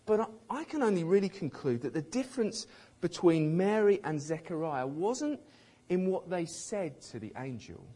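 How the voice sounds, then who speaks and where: Lively husky-voiced male preacher. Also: sits high, normal speed. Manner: conversational, emphatic, quotes voices with light humour. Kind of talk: sermon.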